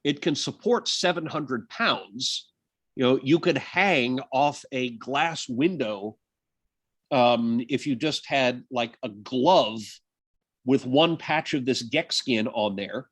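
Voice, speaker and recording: Brief: male biology lecturer, slow and deliberate, filler-heavy, dry close-miked sound. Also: mid-range voice, husky, dry recording. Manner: conversational, lots of uh and um, self-deprecating asides. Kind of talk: university lecture.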